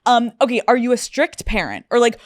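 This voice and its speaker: A woman's voice: a little high, animated, a little fast, dry recording, clean studio sound. Gushing young woman podcast host. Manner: gushing, enthusiastic fan-style questioning. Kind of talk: casual interview chat. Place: podcast studio.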